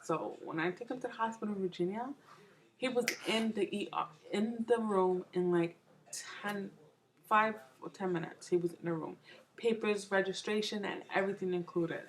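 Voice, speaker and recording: A woman's voice: mid-range voice, moderate pace, low-quality recording. A young woman from New York, a mom vlogger, rambling casually to the camera with lots of fillers and restarts.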